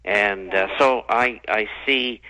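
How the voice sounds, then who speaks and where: A man speaking as a guest on a talk radio show, hesitant, with many pauses and restarts. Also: on the low side, pushed and bright, poor audio. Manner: halting, lots of uhs and restarts.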